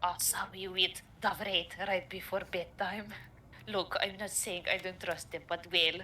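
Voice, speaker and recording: A woman's voice: lowish voice, little pitch movement, measured pace, sharp tone, slight background noise. A woman voicing a blunt, lonely huntress in a put-on Russian accent. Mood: gruff. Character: big lonely female huntress, blunt and suspicious.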